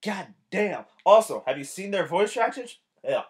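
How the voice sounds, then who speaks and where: A man ranting casually through a show review, profane and rambling, getting excitable. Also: high-pitched, moderate pace.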